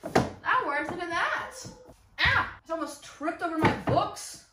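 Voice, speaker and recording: A woman's voice: extremely high pitch, expressive, measured pace, echoey room, heavy background noise. A young woman chatting casually as a book vlogger, bubbly and chatty with dramatic exclamations, recorded in her bedroom. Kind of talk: casual vlog chat.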